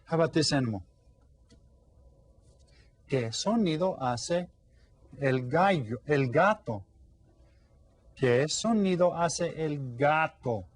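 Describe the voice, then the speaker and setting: A man's voice: a little high, lively intonation, takes it slowly, long pauses. A man teaching a playful children's Spanish lesson, coaxing the kids with questions and mimicking animal sounds.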